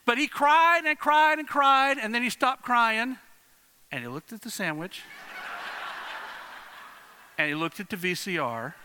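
Bright-voiced preacher man in echoing hall. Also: extremely high pitch, animated, slight background noise. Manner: storytelling with repeated phrases and long pauses; dramatic swings from hushed to loud. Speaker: pastor. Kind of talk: sermon. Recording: long reverb of a large hall.

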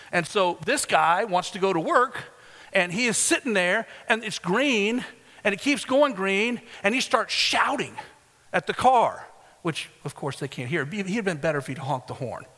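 A man's voice: sits high, sharp tone, big-room sound. A man preaching a sermon as pastor, telling a story and rising in volume to drive his points home.

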